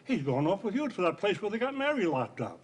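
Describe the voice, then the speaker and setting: A man's voice: high voice, very animated, fast, a little hiss or hum. An actor playing a blunt, crusty elderly father in a television comedy series, speaking in short offhand remarks. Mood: dry. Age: older.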